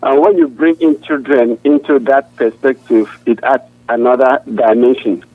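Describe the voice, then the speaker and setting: An earnest male pastor speaks over a tinny, dry phone line at a middle pitch. He talks haltingly and often restarts his sentences. The narrow sound has no room in it. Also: very animated, vocal fry, no echo.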